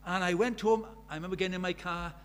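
A man's voice: sits high, fairly even intonation, fast talker, faint music behind. A British man preaching a sermon, telling stories with emphasis and repeating key phrases.

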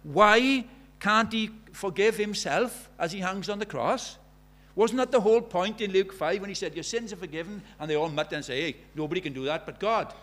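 A man's voice: sits high, normal speed, few pauses, a bit bright. A man preaching a sermon, asking rhetorical questions with emphasis.

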